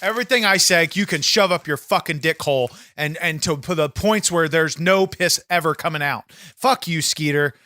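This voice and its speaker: A man's voice: fairly high pitch, moderate pace, few pauses, bright, forceful tone. A man co-hosting a comedy podcast, ranting in exasperation and swearing constantly. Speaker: podcast co-host. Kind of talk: comedic banter.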